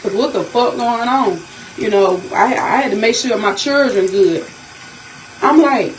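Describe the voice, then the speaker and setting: A woman's voice: fairly high pitch, a little slow, slight background noise. A woman venting to her vlog viewers in an agitated, profane, repetitive rant, shaken and upset. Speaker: vlogger.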